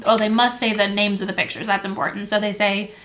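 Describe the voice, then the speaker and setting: A woman's voice: medium pitch, flat delivery, fast, a bit bright. A young woman teacher talking casually and in a friendly way to camera as she explains classroom activities. She fills her talk with "um" and "like" and often corrects herself. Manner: friendly and chatty, with filler words and self-corrections. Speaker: teacher and education video host. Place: indoors at a table with materials. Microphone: camera close to the table.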